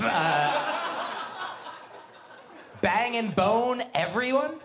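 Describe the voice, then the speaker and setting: A middle-aged man doing a stand-up comedy set, animated, with quick asides and wordplay. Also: on the high side, heavy background noise. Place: comedy venue with live audience.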